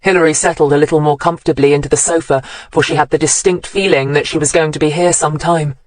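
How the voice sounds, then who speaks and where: An audiobook narrator reading a mystery novel in a measured, even storytelling manner. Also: medium pitch, dry recording, low-quality recording. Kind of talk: scripted narration.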